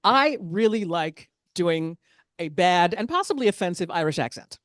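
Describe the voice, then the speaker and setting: A woman's voice: fairly low pitch, animated, moderate pace, no echo, clean studio sound. A woman performing a stand-up comedy set, chatty and self-deprecating, with asides to the audience.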